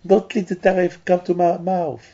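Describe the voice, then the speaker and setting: A man's voice: completely flat delivery, normal speed, mellow. A man voicing the parts of a body as pleading figures that beg and whine. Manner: high, whining pleas. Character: pleading human body parts begging to stay kosher. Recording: dull lo-fi recording.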